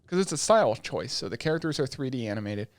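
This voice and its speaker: Speaking quickly in a mid-range voice with no room sound, this man co-hosts a podcast and recaps shows in casual chat. His telling is loose and profane, packed with fillers, and he brings the story to life by performing quoted lines.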